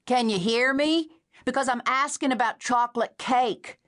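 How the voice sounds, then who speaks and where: A woman narrator gives voice to a soaked, hungry man who talks like a child, drawling in a Missouri backwoods accent. His lines sit higher and brighter than the narration, soft and pleading. It is an audiobook reading. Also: moderate pace, close to an everyday voice. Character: childlike grown man, wet, hungry, plaintive. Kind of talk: audiobook character voice.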